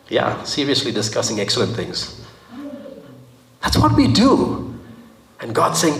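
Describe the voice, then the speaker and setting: A man preaching a sermon, playful and animated, acting out little voices. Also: normal speed, a little hiss or hum. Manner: animated, playful, acts out voices with sudden high and low swings. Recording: echoey hall.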